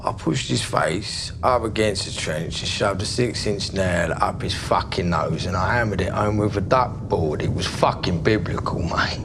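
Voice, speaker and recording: An actor playing a volatile, menacing gangster baker in a crime drama, mocking one moment and threatening the next. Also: male voice, low-pitched, normal speed, hardly any pauses. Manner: mocking, swings between jovial and menacing. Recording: steady background noise.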